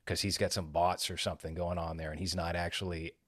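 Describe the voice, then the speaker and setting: Male podcast host, very low voice, wry and measured, dry close mic. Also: level tone, a bit bright, dry recording. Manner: wry, measured, swears casually. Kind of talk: casual podcast chat.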